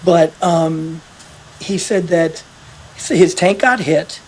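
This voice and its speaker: Husky-voiced man telling a war story. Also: on the high side. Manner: animated retelling, quotes others in quick voices. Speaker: author interviewed about his article. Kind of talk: casual podcast storytelling.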